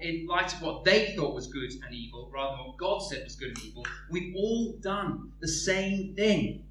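A man's voice: sits high, a bit bright. A man preaching a sermon in an earnest way, often repeating words as he searches for phrasing. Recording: echoey room, distant mic, faint hum.

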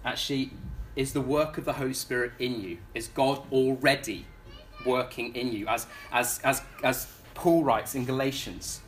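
A young man preaching a sermon at a church gathering. He speaks earnestly and pleadingly, often restarting his words, and his voice swings between bursts of intensity and softer, slower moments. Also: medium pitch, fairly even intonation.

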